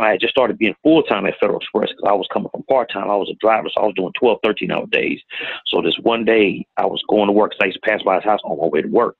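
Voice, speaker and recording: A middle-aged man telling a painful personal story in a plain-spoken, halting way, recorded with tinny phone-like sound. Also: fairly low pitch, creaky, slightly rough, no room sound. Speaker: guest telling his story. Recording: tinny phone-like audio, dry.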